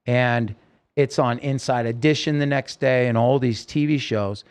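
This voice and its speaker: A singer-songwriter guest on a podcast, telling a personal story earnestly and emotionally in halting sentences full of restarts. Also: male voice, mid-range voice, fairly even intonation, clear, resonant tone.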